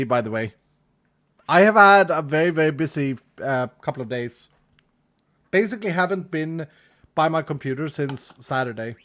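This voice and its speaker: A man's voice: a little high, fairly bright tone. Chuckling Swedish man streaming. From Sweden. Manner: chuckly, repeats phrases, talks to chat. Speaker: livestreamer. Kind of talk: casual live-stream chat.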